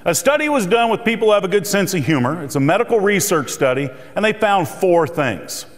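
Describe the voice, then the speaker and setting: A middle-aged man with a high, sing-song voice delivers a brisk, humorous motivational keynote, telling jokes and stories to a conference audience. The hall is reverberant.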